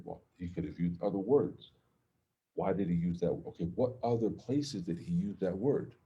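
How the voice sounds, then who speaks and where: A man's voice: on the low side, dark tone. A man teaching an informal religious class, talking conversationally and checking in with his listeners with "okay?" and "right?". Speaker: Islamic teacher.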